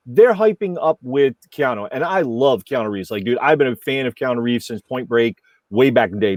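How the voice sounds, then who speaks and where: A man's voice: medium pitch, darkish tone, no room sound, studio quality. A man giving blunt, emphatic opinions as a panelist in a casual podcast chat.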